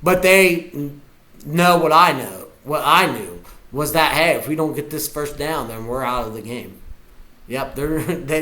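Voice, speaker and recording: A man reacting to a football game as a fan, hyped and often shouting his cheers. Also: medium pitch. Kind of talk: live game reaction vlog.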